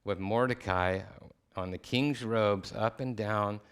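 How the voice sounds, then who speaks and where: A man's voice: fairly low pitch, takes it slowly, fairly bright tone, smooth. A male guest speaker giving a chapel sermon, retelling a scripture story in casual, everyday slang.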